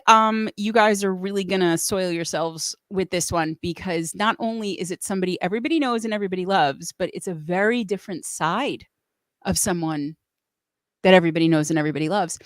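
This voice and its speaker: A woman's voice: lowish voice, no room sound. A woman hosting a casual livestream, chatting in a playful, joking way. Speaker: host.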